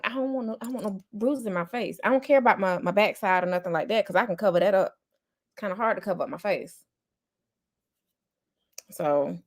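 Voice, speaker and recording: A woman hosting a casual podcast, candid and quick to laugh. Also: mid-range voice. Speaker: podcast host.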